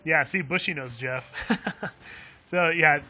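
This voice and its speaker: Bright-voiced man chatting on a game stream. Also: on the high side, slow, highs cut off, slight background noise. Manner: chuckles often, chatty and friendly with viewers. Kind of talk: live gameplay stream, reading chat aloud.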